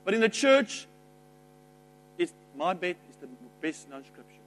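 High-voiced middle-aged guy preaching, gets loud then drops quiet, little hum behind. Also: sing-song, a little slow. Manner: emphatic, swings from loud outbursts to quiet asides. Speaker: pastor. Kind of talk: sermon.

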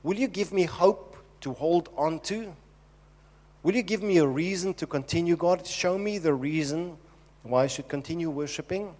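A man's voice: on the high side, normal speed, darkish tone, voice pushed up, close to an everyday voice. A preacher voicing a pleading, desperate King David. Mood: urgent. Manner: urgent, pleading, repeatedly calling on God. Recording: long hall reverb.

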